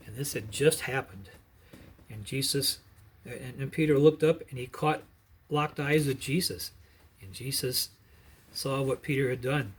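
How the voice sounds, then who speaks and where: A middle-aged preacher tells a Bible story in a husky voice, stopping now and then to explain the background. His pitch sits in the ordinary male range. He keeps an earnest, steady storytelling manner. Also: normal speed.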